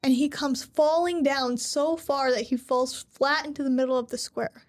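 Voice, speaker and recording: A woman's voice: high-pitched, moderate pace. A woman co-hosting a podcast, casually retelling an anime plot and acting out the characters' lines, swearing freely. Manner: animated storyteller, acts out characters, swears casually. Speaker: podcast co-host.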